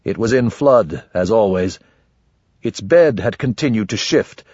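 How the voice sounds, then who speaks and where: A man narrating a fantasy novel in a measured, grave storytelling voice, on a dull lo-fi audiobook recording. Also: lowish voice, expressive, a little mellow, husky, no room sound.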